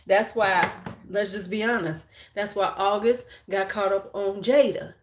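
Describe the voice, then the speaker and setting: A woman's voice: medium pitch, fairly even intonation, unhurried, noisy background. A middle-aged woman hosting a beauty livestream, chatting casually and frankly while doing her makeup, joking bawdily with viewers.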